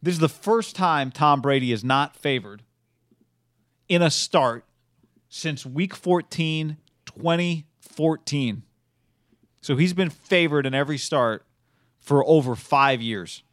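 A man hosting a sports betting podcast, calmly laying out odds and stats in casual chat. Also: a little high, no echo, studio quality. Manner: measured, reads stats and lines.

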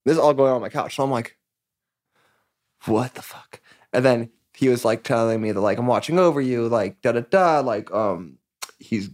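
A man's voice: medium pitch, expressive, brisk, a little mellow, no echo, clean studio sound. A man who is a musician and podcast guest, telling a long personal story in a rambling way, full of fillers and acted-out dialogue. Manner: rambling, filler-heavy, acts out quoted dialogue. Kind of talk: casual storytelling interview.

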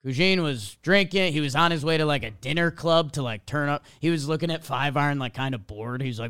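A young podcast host tells a casual story in a fairly quick, clean voice on the high side. He animates it by acting out little quotes along the way.

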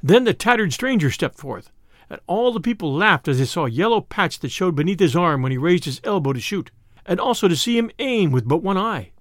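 A man narrating a classic storybook tale in an expressive reading of archaic prose. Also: high voice, brisk, no echo, studio quality.

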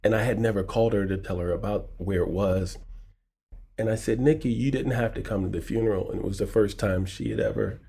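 Husky-voiced man telling a story. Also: fairly low pitch, brisk. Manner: animated storyteller acting out quotes, softening in sad moments. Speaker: guest author and poet. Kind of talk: storytelling in a podcast interview.

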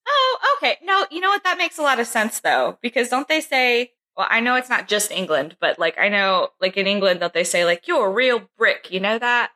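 A woman guesting on a podcast, chatting casually, joking and laughing often. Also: fairly high pitch. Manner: giggly, animated and quick to joke.

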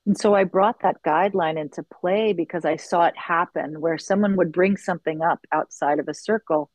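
A middle-aged woman who leads sharing circles, talking earnestly and reflectively in an interview, with lively bursts when she quotes others. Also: fairly low pitch, moderate pace, no room sound, low-quality recording. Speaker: circle facilitator. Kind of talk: conversational interview.

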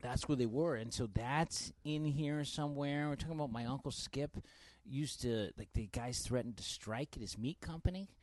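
A man, a stand-up comedian, telling stories in a podcast chat with heavy swearing and loud acted-out quotes. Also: medium pitch, normal speed. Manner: animated, profane, acts out quotes loudly.

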